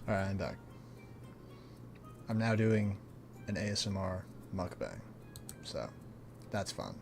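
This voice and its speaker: A young man hosting a charity livestream, chatting casually with viewers in a laid-back, slangy way that often trails off quietly. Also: deep voice, very animated, slow, vocal fry, over music. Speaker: streamer hosting a charity stream.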